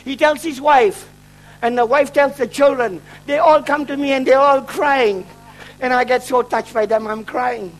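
A man's voice: extremely high pitch, fairly even intonation, unhurried, soft background music, low-quality recording. A middle-aged man from Malaysia, a traveling preacher telling a testimony in his sermon. He jokes and mocks himself. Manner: joking, self-mocking storyteller who laughs at his own lines.

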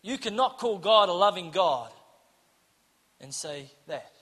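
High, bright-voiced animated male preacher. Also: measured pace, slightly rough, long reverb tail. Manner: animated, acts out dialogue, shouts for emphasis. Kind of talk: sermon with storytelling.

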